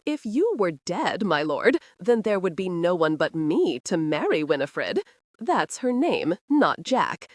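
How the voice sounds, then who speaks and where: A woman's voice: on the low side, very animated, a little slow, dry recording. Woman voicing a whiny entitled young suitor. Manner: whining, self-pitying.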